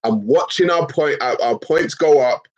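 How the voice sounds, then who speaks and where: A man's voice: on the high side, measured pace, highs cut off. A man with a Liverpool accent hosting a casual livestream, answering chat messages in a slangy, emphatic way and calling people bro and man. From England. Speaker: live stream host reading chat.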